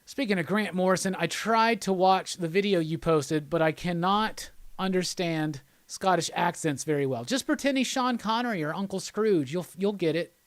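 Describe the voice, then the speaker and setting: A man's voice: high voice, normal speed, hardly any pauses, no room sound. A man hosting a live stream, chatting casually in a loose, rambling, jokey way and reading out viewer comments.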